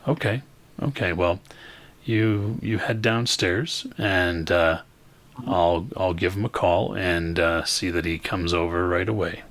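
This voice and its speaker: A man's voice: low voice, a bit bright, full character voice. A man voicing a cautious middle-aged shopkeeper who speaks hesitantly. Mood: concerned. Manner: hesitant, measured, trusting.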